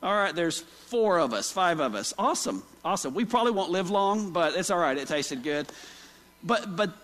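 Folksy stories and questions for the congregation fill the sermon of this Oklahoma pastor in a church sanctuary. He speaks at normal speed in a sing-song, a bit bright voice that sits high for a man, echoed by a long hall reverb.

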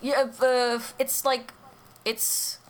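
A woman's voice: sits high, little pitch movement, drawn-out words, slight background noise. A young American woman hosting a casual chat over a video call, chatty and giggly. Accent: American English. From United States. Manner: chatty, giggly, many fillers. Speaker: podcast host.

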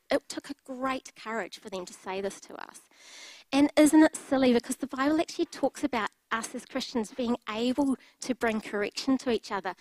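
A middle-aged woman preaches a sermon, sharing her own stories in a candid, open way. Her voice sits a little high, and the sound is close and dry, with no room around it. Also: no echo, rough recording. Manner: candid, personal storytelling with light laughs.

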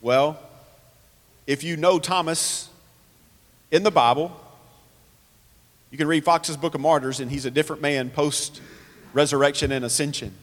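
A man's voice: on the high side, fairly even intonation, a little slow, long pauses, long reverb tail. A man preaching a sermon, earnest, asking rhetorical questions and reading scripture aloud. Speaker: pastor.

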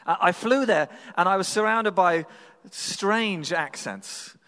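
A pastor preaching a sermon in a church, telling stories in a relaxed, humorous, conversational way. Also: male voice, high-pitched, slow. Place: church sanctuary. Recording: long reverb in a large hall.

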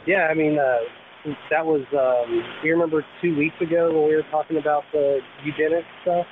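A man's voice: fairly high pitch, steady tone, a little hiss or hum. Man on a tinny phone line. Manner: halting, many restarts, laughs easily. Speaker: podcast host. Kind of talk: casual chat. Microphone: phone call.

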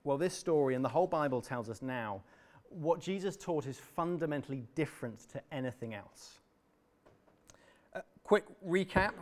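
Dramatic man preaching a sermon. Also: fairly high pitch. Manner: dramatic, expressive delivery.

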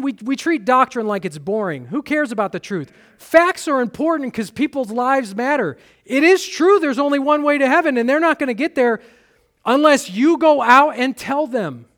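Guy preaching in church, really high voice, urgent and pleading. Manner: urgent, pleading, rising to emphatic questions. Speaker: pastor. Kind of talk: sermon.

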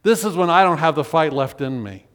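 A male pastor preaching a conversational sermon, voicing drawn-out groans and sighs. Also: on the high side, animated, a bit bright. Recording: long hall reverb.

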